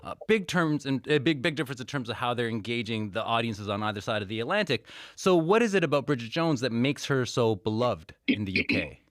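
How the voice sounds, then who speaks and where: A man's voice: mid-range voice, a little fast, hardly any pauses, no echo, clean studio sound. A man guest-hosting a pop-culture podcast panel, asking questions with a laugh in his voice. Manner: lively, laughing, leading questions. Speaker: guest host.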